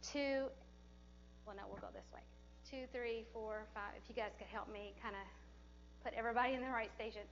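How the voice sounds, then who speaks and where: A woman's voice: a little high, steady tone, fairly quick, pauses often, dull audio, a little hiss or hum. A woman teaching a hands-on CPR class in a training room, chatty and encouraging, often laughing as she talks. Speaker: CPR instructor.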